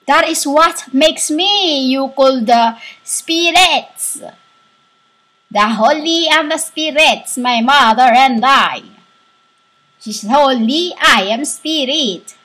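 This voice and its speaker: High, slow, halting woman preaching. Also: animated, bright, forceful tone, poor audio. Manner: halting, searching for words with long pauses. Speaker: self-styled spiritual speaker. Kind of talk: rambling spiritual monologue. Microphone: laptop built-in microphone.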